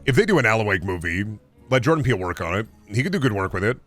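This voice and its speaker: A man's voice: lowish voice, big pitch swings, racing, fairly bright tone, soft background music. A man streaming, chatting casually in a rambling, profane, sarcastic way.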